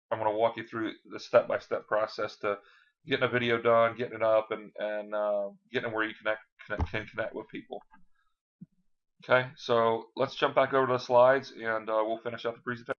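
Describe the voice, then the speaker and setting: A man giving a casual, filler-heavy online sales pitch while showing his screen. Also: a bit bright, dull audio. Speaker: online marketing presenter.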